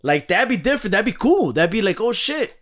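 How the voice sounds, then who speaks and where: Rich: A man with a high-pitched voice hosts a casual podcast chat. He rambles through a profane, joking rant and laughs at his own lines. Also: big pitch swings, fast talker, fairly bright tone. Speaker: podcast host.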